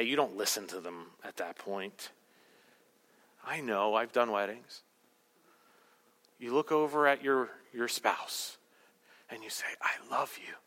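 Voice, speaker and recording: A man's voice: medium pitch, pushed and bright. A man preaching a sermon, acting out the lines of the people in his story, sometimes dropping to a whisper. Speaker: pastor.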